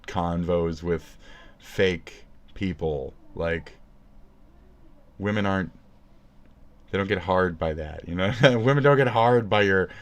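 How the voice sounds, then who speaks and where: Low-voiced man ranting sarcastically, swearing often. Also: slow pace, pauses often, dull audio. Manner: sarcastic, rambling, swears constantly. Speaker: streamer commenting on another streamer. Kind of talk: profane ranting commentary. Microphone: phone recording.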